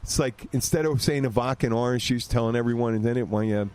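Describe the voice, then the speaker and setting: A man's voice: medium pitch, quick pace, a little mellow, smooth. A man hosting a casual bar podcast, rambling through stories with lots of restarts, still getting over a cold. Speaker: podcast host. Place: outdoor bar.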